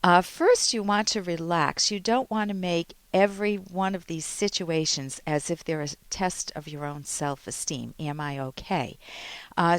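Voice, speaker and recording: A woman psychologist hosting an advice radio show, explaining in a calm, instructive way. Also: lowish voice, dry recording.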